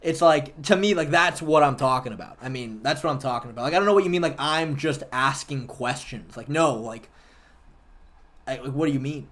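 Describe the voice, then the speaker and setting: A man's voice: on the high side, animated, fast. A man hosting a livestream, chatting casually and argumentatively with viewers and swearing freely. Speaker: livestream host.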